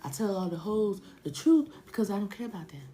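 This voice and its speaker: A woman voicing a smooth-talking young man who coaxes his girlfriend with pleading words. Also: mid-range voice, big pitch swings, fast, mellow, slight background noise, voice pushed up, close to an everyday voice. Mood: coaxing. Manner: coaxing, pleading.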